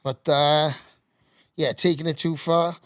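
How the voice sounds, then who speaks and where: A middle-aged man, a podcast guest, telling animated anecdotes and swearing constantly in casual storytelling. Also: on the high side, takes it slowly, no room sound, studio quality.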